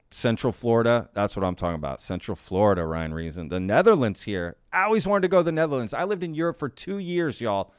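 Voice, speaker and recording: A man's voice: lowish voice, clean tone, dry recording, clean studio sound. A man hosting a casual live stream, reading viewers' chat aloud, upbeat and laughing often.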